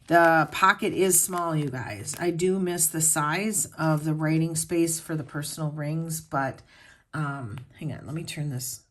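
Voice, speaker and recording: A woman's voice: deep voice, measured pace, a bit bright. A middle-aged woman chatting casually at home as a planner vlogger, rambling and talking straight to her viewers. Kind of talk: casual chat.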